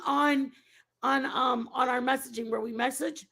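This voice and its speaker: A woman's voice: sits high, steady tone, unhurried, vocal fry, fairly bright tone. A woman hosting a casual live stream, rambling and chatting with her viewers and answering their messages by name.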